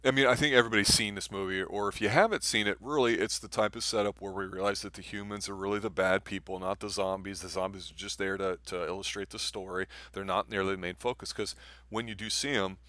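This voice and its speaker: A man's voice: deep voice, fairly even intonation, fast talker, sharp tone, no room sound. A man co-hosting a casual movie review show, talking in a rambling, enthusiastic way with lots of fillers.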